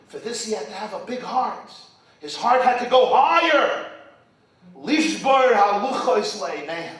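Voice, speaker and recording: A rabbi giving an impassioned sermon at an event, swinging from shouts to near-whispers and using Hebrew and Yiddish terms. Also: male voice, high voice, sing-song, slow, pauses often. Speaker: rabbi and speaker. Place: event hall. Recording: echoey hall from far off.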